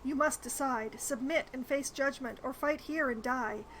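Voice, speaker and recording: Streaming a role-playing game, this woman reads out the dialogue and slips in wry, chatty commentary. She speaks with a high, somewhat bright voice at a moderate pace, and the low-quality recording carries a little hiss or hum.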